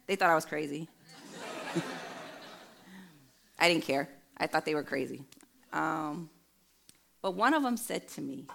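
A middle-aged woman delivering a sermon, weaving in her own story with earnest emphasis. Her voice sits low, with a gravelly fry at the edges of her phrases. She speaks like a storyteller pressing home a point. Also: animated, takes it slowly, long pauses, a bit bright, slight background noise. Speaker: preacher. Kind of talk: sermon with personal testimony.

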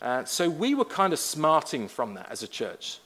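Male pastor, slightly high voice, wry storytelling sermon. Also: wildly swooping pitch, normal speed, fairly bright tone. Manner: conversational storytelling with wry asides.

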